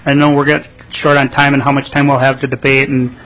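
A man's voice: mid-range voice, little pitch movement, quick pace, fairly bright tone, rough recording. A man on a legislative committee, hesitant and polite, full of fillers as he asks about procedure. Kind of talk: procedural question at a hearing.

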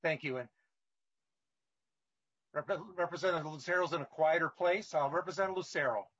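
A husky man runs a committee hearing in a fairly high voice, moving through procedure with the odd filler. The sound is dull and lo-fi. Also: brisk, a bit bright. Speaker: committee chair. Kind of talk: chairing a legislative hearing.

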